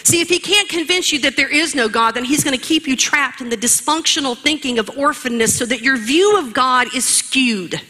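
A woman's voice: high voice, normal speed, hardly any pauses, bright, forceful tone. A woman preaching a sermon in an emphatic, rhetorical way, speaking straight to her listeners.

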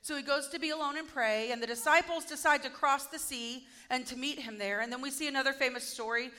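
A woman with a high, bright voice delivers a sermon in a chatty, storytelling way. She slips into quick little character voices for the people in the story. Her tone stays conversational and easy. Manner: lively storytelling, acting out quoted lines. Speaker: preacher.

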